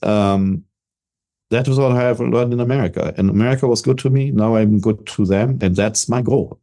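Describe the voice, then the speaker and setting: In a casual interview, a confident older German man with a German accent speaks with energy as a business coach, at a fairly low pitch. He often repeats words whenever he begins a thought.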